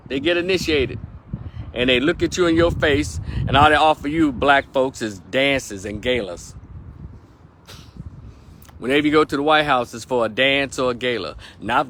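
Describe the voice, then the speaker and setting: A man's voice: medium pitch, fairly bright tone, slight background noise. A man delivering a heated, profane opinion rant as a political commentator, hammering points home by repeating them. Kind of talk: ranting opinion vlog.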